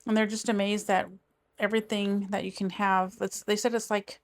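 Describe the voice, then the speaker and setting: A woman's voice: medium pitch, little pitch movement, normal speed. A middle-aged woman, chatting casually and rambling as she works on a craft project. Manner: rambling, chatty, trails off and restarts. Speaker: crafting vlogger. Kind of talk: casual chat while diamond painting.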